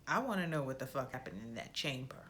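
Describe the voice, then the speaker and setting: A woman vlogger giving a casual, animated recap of a TV episode, full of slang and swearing, who acts out the characters' lines. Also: very deep voice, quick pace. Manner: animated retelling with slang and profanity. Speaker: reaction vlogger.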